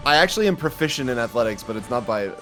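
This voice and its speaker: A man's voice: medium pitch, very animated, rapid-fire, a bit bright, faint music behind. A man playing a tabletop game, making joking asides. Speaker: player.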